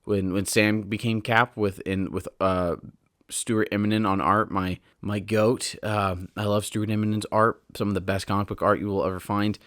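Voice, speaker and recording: A tired man hosting his own podcast in a casual, rambling way, often breaking off mid-sentence and then rushing ahead in sudden bursts. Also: on the low side, no room sound, clean studio sound. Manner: rambling, self-interrupting, with bursts of hurried excitement. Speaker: podcast host. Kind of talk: casual solo podcast talk. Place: at home on a couch.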